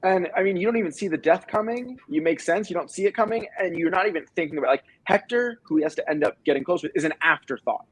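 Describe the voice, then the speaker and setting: A young adult man co-hosting a casual movie review chat, animated and swearing casually as he retells scenes. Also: sits high, quick pace, hardly any pauses, husky, rough recording. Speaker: film review podcast co-host.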